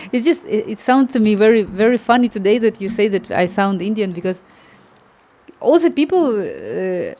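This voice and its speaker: A woman with a non-native English accent chatting casually on a live coding stream from home. She talks haltingly, hunts for words and laughs lightly. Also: medium pitch, very animated, a little mellow.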